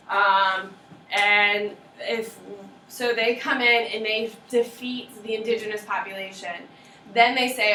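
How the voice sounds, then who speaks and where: A woman history teacher giving a lively classroom lecture, often checking in with her students. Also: mid-range voice, slow pace, slight background noise. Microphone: far camera. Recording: roomy classroom audio from a distant camera.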